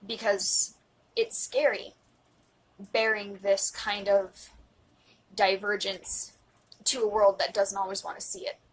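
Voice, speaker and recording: Twenty-something woman confessing stuff into her phone, close to crying, kinda monotone, soft whispery bits. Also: mid-range voice, takes it slowly, pauses often, breathy edge, poor audio. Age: 20s. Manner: earnest, heartfelt, sometimes dropping to a whisper. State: emotional, close to tears. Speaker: vlogger. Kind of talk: personal confessional vlog.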